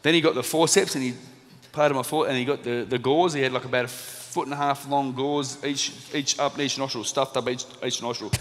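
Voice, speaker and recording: The recording comes from a reverberant hall, where an Australian man in his thirties tells a live audience a lively anecdote at a fairly quick clip. His voice sits mid-range; a motivational speaker and ex-boxer, he plays out the characters' lines and laughs at himself.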